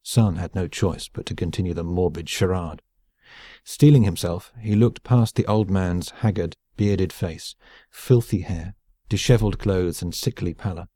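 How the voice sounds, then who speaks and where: Deep, dark-voiced male audiobook narrator. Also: measured pace, no echo, clean studio sound. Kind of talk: scripted narration.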